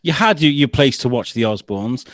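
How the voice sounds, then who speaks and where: Here a podcast co-host with a medium-pitched male voice talks at a normal speed, recorded dry. His casual storytelling is lively, and he acts out whatever he quotes.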